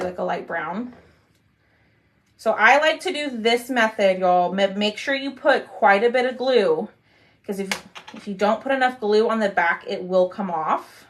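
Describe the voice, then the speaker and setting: A woman hosting a casual crafting livestream, chatting and greeting viewers by name. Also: mid-range voice.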